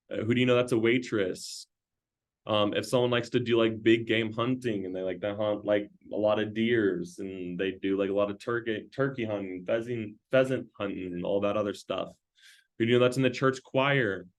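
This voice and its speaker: Low-voiced man training a sales team. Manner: rapid-fire string of questions, loose and conversational.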